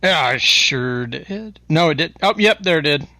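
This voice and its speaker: A man's voice: fairly high pitch, normal speed, no echo, clean studio sound. A man co-hosting a casual podcast, telling stories with lots of laughter. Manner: laughing, animated storyteller. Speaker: podcast co-host. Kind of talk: casual chat.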